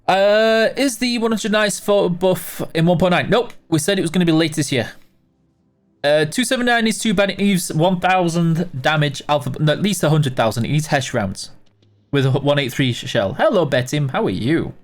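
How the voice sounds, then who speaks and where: A tired, yawning man hosts a game livestream, reading chat questions aloud while playing and answering them offhandedly with fillers. His voice is on the high side and animated, at a moderate pace.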